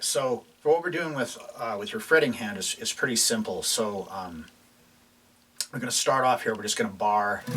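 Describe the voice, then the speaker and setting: A man's voice: lowish voice, slightly rough, far from the mic. Laid-back man teaching guitar. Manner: relaxed, explains while playing, many fillers and restarts. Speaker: guitar instructor. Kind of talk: casual guitar lesson. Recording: voice from off mic, guitar playing behind.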